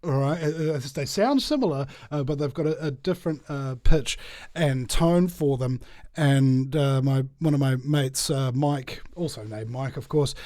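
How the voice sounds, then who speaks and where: A man's voice: medium pitch, a little slow, warm tone, dry recording, studio quality. A man with a New Zealand accent, a guest on a podcast, telling meandering anecdotes in casual chat. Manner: digressive, anecdotal storytelling.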